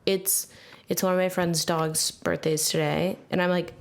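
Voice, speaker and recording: Relaxed woman co-host, gravelly low voice, easygoing and giggly. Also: measured pace. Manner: relaxed, laughs often. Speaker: podcast co-host. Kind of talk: casual chat.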